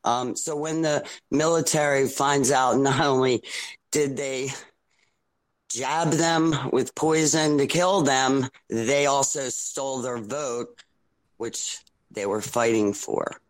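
A man calling in to a talk show who speaks haltingly with many fillers. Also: medium pitch, fairly even intonation, poor audio. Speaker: caller. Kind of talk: call-in chat.

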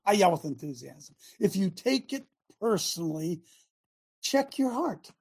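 A middle-aged man hosting a talk show, speaking in an animated, emphatic way with lots of repetition. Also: sits high, a little slow, vocal fry, breathy edge. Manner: animated, emphatic, repeats himself, often laughs. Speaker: show host. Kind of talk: casual talk show monologue.

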